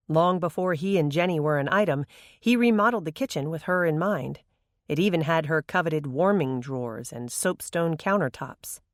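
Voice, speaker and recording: An audiobook narrator reading a story in an even, unhurried way. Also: mid-range voice, dry recording, studio quality. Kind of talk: scripted narration.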